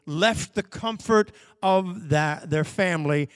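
A man preaching through a personal story at an unhurried, drawn-out pace. His voice is fairly high for a man and has a tight, close, dry sound. He is folksy, with little slips and fillers, and moves between quiet asides and loud bursts. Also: animated, no echo. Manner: slow, drawn-out storytelling that swings from hushed to loud; folksy, with fillers and self-corrections. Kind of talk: storytelling sermon testimony.

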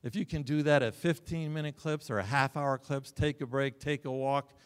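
A middle-aged male pastor delivering a sermon, telling stories with sudden loud bursts and joking asides. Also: mid-range voice, steady tone, normal speed, clear, resonant tone. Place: church sanctuary. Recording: long hall reverb.

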